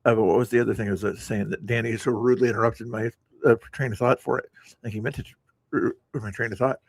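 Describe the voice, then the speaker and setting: A man's voice: mid-range voice, fairly even intonation, fast, gravelly, breathy edge, no room sound. A man reviewing his own stream, talking casually in a rambling way, repeating words and restarting sentences, with sarcastic asides. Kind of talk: casual commentary over stream playback.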